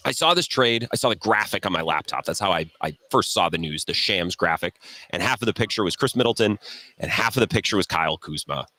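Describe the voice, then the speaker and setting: A man's voice: deep voice, a little fast. A man hosting a sports radio show, telling stories in a casual, self-deprecating way. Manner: animated, self-deprecating storytelling. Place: radio row broadcast table.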